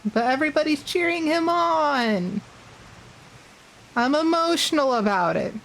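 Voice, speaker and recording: A woman's voice: sits high, lively intonation, a little slow, creaky, fairly bright tone, slight background noise. Chatty woman game streamer. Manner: chatty and emotional, with fillers. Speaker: livestreamer. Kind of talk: casual game-stream commentary.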